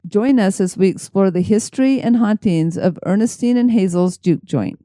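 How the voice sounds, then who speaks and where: Lady podcast host reading her script, soft mellow voice, dry close mic. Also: mid-range voice, normal speed, no echo. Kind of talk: scripted narration.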